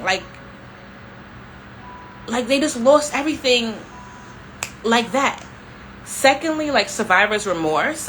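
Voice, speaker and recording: A young adult woman vlogs to her viewers in a casual, storytelling chat. Her voice is bright and forward, and her delivery is animated and conversational, full of "like" and asides to y'all. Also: on the low side, slight background noise, low-quality recording. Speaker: vlogger.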